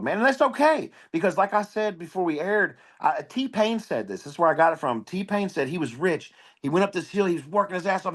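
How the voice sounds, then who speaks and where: Profane, blunt man telling stories. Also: on the high side. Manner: blunt, profane, animated storyteller. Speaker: podcast guest, comedian. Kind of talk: casual storytelling interview.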